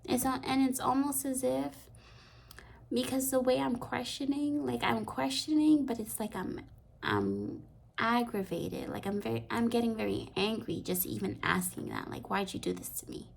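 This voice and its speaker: A woman with a slightly high, breathy voice and a gravelly fry gives an intuitive card reading. She talks in a soft, meandering way, often sinking into a half-whisper. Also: expressive, normal speed. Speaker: tarot card reader.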